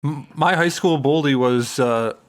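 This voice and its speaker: A man telling a school story in casual chat, halting and chuckling as he goes. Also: medium pitch.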